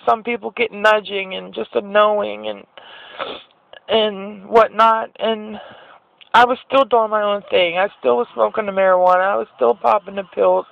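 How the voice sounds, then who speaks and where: A woman speaks earnestly in a high, gravelly voice, telling her personal faith testimony. She rambles and often restarts her sentences. The lo-fi recording sounds dull and muffled.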